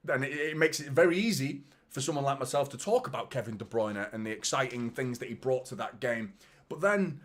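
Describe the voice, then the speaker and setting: A man's voice: medium pitch, slightly rough. A man hosting a live football watchalong stream, chatting casually and swearing, talking straight to his viewers and reading out their messages.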